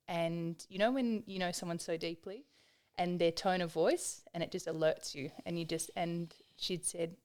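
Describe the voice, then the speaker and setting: A woman of about forty with an Australian accent, a podcast guest telling a personal story in an earnest, reflective way with frequent pauses and restarts. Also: fairly low pitch, clear, resonant tone.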